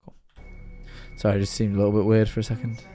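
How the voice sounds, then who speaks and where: A man's voice: fairly low pitch, completely flat delivery, fast talker, dark tone, faint music behind. A young man, chatting and joking with viewers during a live-stream reaction.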